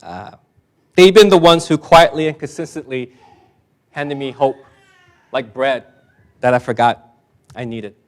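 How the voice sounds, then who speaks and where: Self-deprecating pastor, emphatic at the close. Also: male voice, mid-range voice, measured pace, pauses often. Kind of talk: sermon.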